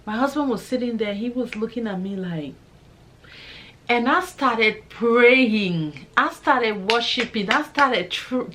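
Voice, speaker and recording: Animated woman telling her story, slightly high voice. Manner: animated, acts out both sides of conversations; religious, praises God while telling. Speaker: vlogger sharing a personal testimony. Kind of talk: personal storytelling.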